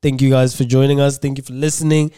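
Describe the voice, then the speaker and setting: A man from South Africa co-hosting a podcast, asking gentle and caring questions in a casual chat. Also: mid-range voice, flat delivery, fast, clear, resonant tone. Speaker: podcast co-host.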